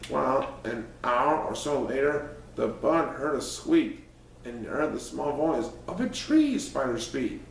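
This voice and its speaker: A man's voice: mid-range voice, animated, measured pace, creaky, slight background noise. A man in a playful cat persona reads a rhyming picture book aloud in a sing-song way. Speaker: storyteller in a cat costume persona. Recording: roomy, distant mic, faint ambience.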